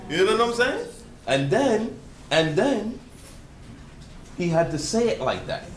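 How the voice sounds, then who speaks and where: A man giving animated, conversational scripture commentary, dropping into slang and asides. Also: high voice, measured pace. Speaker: bible study teacher. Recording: echoey room with faint noise.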